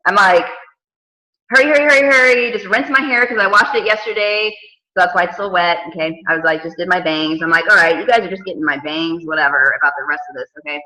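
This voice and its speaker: A woman in her thirties coaching her team on a casual video call, telling stories with lively, dramatic asides. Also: on the low side, fast, roomy sound, rough recording. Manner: animated storytelling with dramatic quoted asides.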